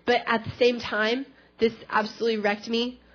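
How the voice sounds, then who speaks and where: A young woman giving a personal testimony in church, chatty and animated, with many fillers. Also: fairly high pitch, normal speed. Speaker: church member sharing a testimony. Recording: dull lo-fi church recording.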